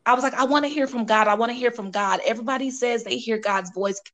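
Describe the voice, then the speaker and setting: A woman, a singer sharing a personal story in a casual interview, animated and quoting others with repeated phrases. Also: a little high, quick pace.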